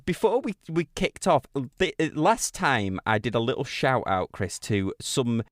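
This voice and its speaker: A man in his late thirties co-hosting a podcast, chatty and quick to laugh as he tells stories. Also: medium pitch, very animated, dry recording, studio quality. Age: late 30s. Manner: chatty storyteller, laughs easily. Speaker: podcast co-host. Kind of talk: casual chat.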